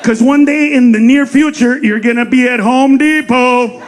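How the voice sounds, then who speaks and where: A man doing a stand-up comedy set on stage, loud and crude, shouting his punchlines into a handheld mic. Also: extremely high pitch, fairly even intonation, normal speed, a little hiss or hum. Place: comedy stage before a live audience.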